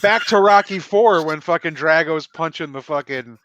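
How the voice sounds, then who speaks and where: A man co-hosting a podcast, talking in animated, profane, laughing chat. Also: a little high, normal speed, dull audio. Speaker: podcast co-host. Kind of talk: casual chat.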